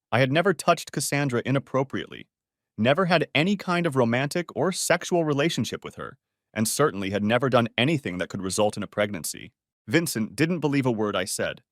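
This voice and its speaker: A man reads out a scripted first-person story with steady, expressive storytelling. His middle-pitched voice moves around a lot in pitch. The recording is dry and close. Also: no room sound. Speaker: narrator.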